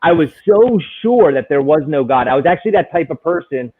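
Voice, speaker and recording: On a tinny, phone-like line, a man in recovery gives a personal testimony during casual conversation. His voice sits on the high side, a little fast and slightly rough, with lively intonation, and he speaks candidly and searchingly, restarting often.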